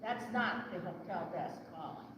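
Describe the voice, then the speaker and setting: A woman's voice: fairly low pitch, moderate pace. A woman in the audience giving matter-of-fact advice. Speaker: audience member. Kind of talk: comment from the audience. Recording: echoey hall from far off, noisy.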